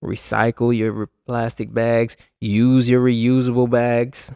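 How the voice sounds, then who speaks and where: A man's voice: medium pitch, monotone, slow, vocal fry, darkish tone, clear, resonant tone, dry recording, clean studio sound. A man hosting a solo podcast, rambling in a casual way and talking straight to his listeners. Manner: rambling, restarts often, addresses listeners directly. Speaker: podcast host.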